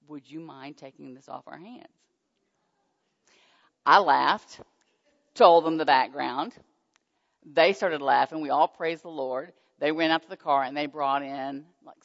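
A woman telling a personal faith testimony in an animated storytelling manner. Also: sits low, creaky. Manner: animated storytelling, squealing excited quotes. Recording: dull muffled sound with long hall reverb.

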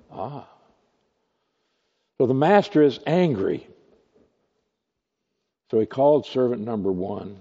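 A male pastor preaching an expository sermon, teaching slowly and deliberately with rhetorical questions. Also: medium pitch, animated, creaky, mellow, slightly rough. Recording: dull lo-fi recording with long hall reverb.

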